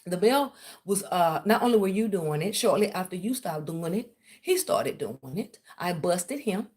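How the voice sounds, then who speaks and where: A fairly low, somewhat dark voice with lively intonation moves at normal speed. The vlogger sarcastically calls out someone she claims is spying on her, ranting confrontationally.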